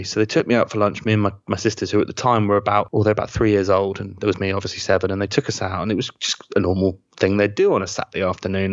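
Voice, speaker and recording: A man's voice: lowish voice, no room sound, dull audio. A man, a comedian guest telling a rambling, eager story and repeating himself mid-sentence. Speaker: podcast guest, stand-up comedian. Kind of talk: casual chat, storytelling.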